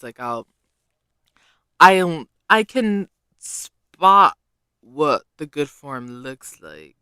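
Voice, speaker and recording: Slow, bright-voiced man musing aloud. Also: medium pitch, clear, resonant tone, no echo, studio quality. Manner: rambling and self-deprecating, full of hesitations. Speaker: podcast host. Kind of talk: casual solo podcast chat.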